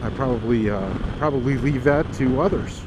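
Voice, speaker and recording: A man's voice: medium pitch, moderate pace. A man vlogging about his motorcycle in a casual, hesitant way, with many fillers and restarts. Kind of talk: casual talk to camera.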